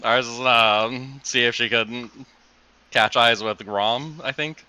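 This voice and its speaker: A man's voice: medium pitch, fairly even intonation, slow, pushed and bright, smooth, dry recording, poor audio. A man playing a tabletop game, plain and matter-of-fact as he bids and describes his character. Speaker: player. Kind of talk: casual tabletop play.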